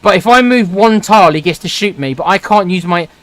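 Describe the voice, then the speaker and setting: A man's voice: high voice, animated, a little fast, a bit bright, dry recording, faint music behind. A man in his forties commenting on his own strategy game play, sarcastic and grumbling at the game. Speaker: gaming channel host.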